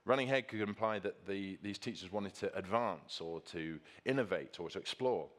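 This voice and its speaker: A man's voice: deep voice, moderate pace. A man preaching a sermon with slides, earnest and emphatic, repeating key phrases for stress.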